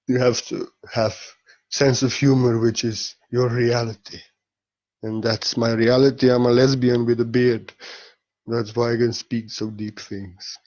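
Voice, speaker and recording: A man's voice: mid-range voice, a little mellow, highs cut off. A man giving an informal spiritual talk as a teacher, speaking candidly and emotionally, blunt and sometimes swearing.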